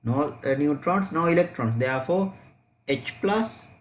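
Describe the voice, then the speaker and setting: Sri guy teaching chemistry online, repeats stuff over and over, bit high voice, little hiss behind. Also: lively intonation, unhurried. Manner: repetitive, drilling key points, checking answers aloud. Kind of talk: online revision class.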